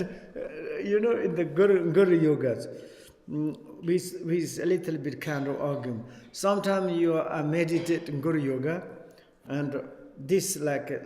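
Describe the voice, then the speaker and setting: Man, Buddhist teacher, unhurried halting English, slightly high voice, echoey hall. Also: darkish tone. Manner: halting non-native English, chuckles often, recites text in Tibetan. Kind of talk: Dharma teaching with chanted recitation. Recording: echoey hall with long reverb.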